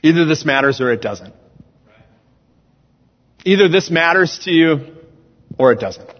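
A man's voice: a little high, expressive, a little slow. A man preaching a sermon, earnest and emphatic as he reads scripture aloud. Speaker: student ministries director preaching. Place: church sanctuary. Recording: dull sound in a large reverberant church hall.

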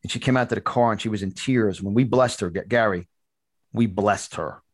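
A man's voice: on the low side, brisk, no room sound. Preachy man host telling stories. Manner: animated, repetitive restarts, preachy. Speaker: podcast host and conservative speaker. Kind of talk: storytelling in a talk show. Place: studio.

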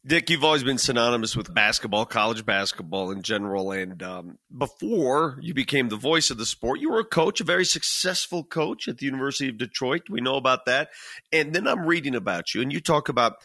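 A male host asks his questions with lots of movement in his voice. The tone is bright and forceful. The recording is dry and close. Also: mid-range voice, fairly quick, no echo. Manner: lively, expressive questioning. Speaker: interviewer, podcast host. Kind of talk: interview questions.

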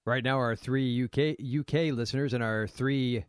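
A man's voice: mid-range voice, steady tone, clear, resonant tone, no room sound, clean studio sound. A man co-hosting a podcast, teasing his co-host and laughing often in casual banter. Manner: joking, teasing, quick to laugh.

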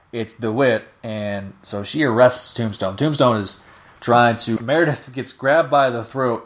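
A man hosting a podcast alone, recapping a comic story in a rambling, self-correcting way. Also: medium pitch. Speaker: podcast host. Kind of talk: casual solo comic recap.

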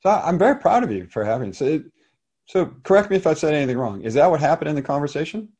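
A man's voice: a little high, very animated, fast, a little mellow, husky. A middle-aged man hosting a conversation, thoughtfully explaining a psychology idea in casual talk with restarts. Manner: thoughtful, explanatory, with frequent restarts and small laughs.

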